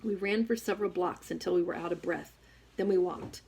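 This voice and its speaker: A woman reading a first-person novel aloud as an audiobook, with expressive storytelling. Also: fairly low pitch, fairly quick, gravelly, slight background noise. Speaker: audiobook reader.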